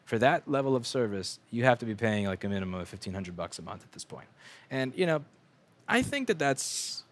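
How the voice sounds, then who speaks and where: A man's voice: medium pitch, sing-song, fairly quick. A man talks off the cuff on a livestream from his repair bench, blunt and profane. He stops and restarts sentences and leans on fillers, in a mid-range voice. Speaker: livestream host and repair technician. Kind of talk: rambling casual livestream talk. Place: repair shop workbench.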